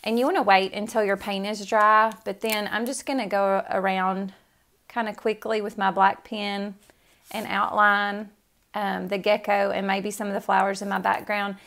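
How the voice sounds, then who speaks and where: A woman's voice: medium pitch, flat delivery, moderate pace, vocal fry, a bit bright. A woman art teacher giving a casual step-by-step tutorial in her studio, talking loosely with lots of "um" and "like". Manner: casual, friendly, many fillers like "um" and "like".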